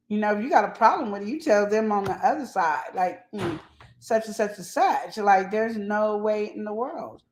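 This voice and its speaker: An outspoken woman co-hosting a relationship-advice podcast, blunt and firm in her opinions. Her voice sits at a middle pitch. The room around her is echoey. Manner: outspoken, animated, goes off in a heated rant. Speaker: co-host. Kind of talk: casual podcast chat. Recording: roomy echo.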